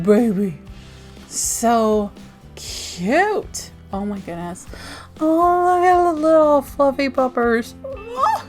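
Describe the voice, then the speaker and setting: A woman vlogger sharing zines from her mail in casual chat, bubbly and gushing with frequent giggles. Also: a little high. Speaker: zine reviewer vlogger.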